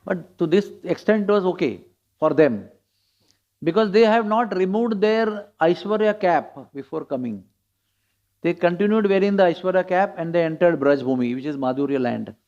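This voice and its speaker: A preacher leads a scripture class, telling stories with chuckles and acting out quotes. His high-pitched voice is expressive and somewhat dark in tone, at a moderate pace, on a dull lo-fi recording.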